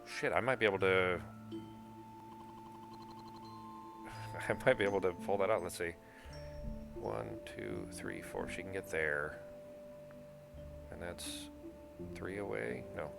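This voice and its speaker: A man's voice: deep voice, expressive, takes it slowly, creaky, pauses often, over music. A man acting as game master for a tabletop board game, thinking aloud, counting moves and swearing casually.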